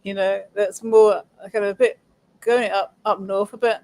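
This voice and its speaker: High, gravelly Suffolk man. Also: level tone, normal speed, darkish tone. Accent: Suffolk English. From Suffolk, England. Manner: explains patiently, laughs often. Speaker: livestream co-host. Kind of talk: casual chat.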